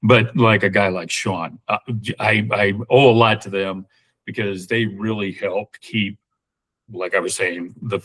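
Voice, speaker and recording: Sixties male guest, low and husky, loose conversational ramble with many restarts. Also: steady tone, unhurried, a bit bright, low-quality recording. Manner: rambling, full of fillers and restarts. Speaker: podcast guest. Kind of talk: casual interview talk.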